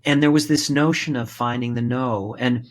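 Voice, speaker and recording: A man's voice: medium pitch, steady tone, normal speed. A man in his sixties, a guest telling his story in a candid interview, impassioned and repeating words for emphasis, swearing freely. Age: 60s. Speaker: podcast guest, author and actor.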